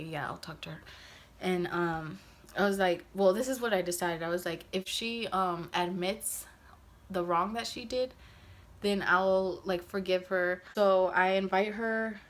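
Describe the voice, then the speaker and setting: A woman in her twenties casually telling a personal storytime, full of fillers and quoted asides. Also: medium pitch. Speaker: vlogger.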